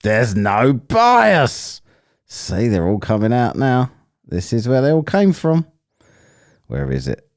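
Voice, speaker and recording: A man's voice: mid-range voice, huge pitch swings, unhurried, long pauses, dark tone, no echo, studio quality. A man hosts a live stream, making sarcastic, mocking asides. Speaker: stream host.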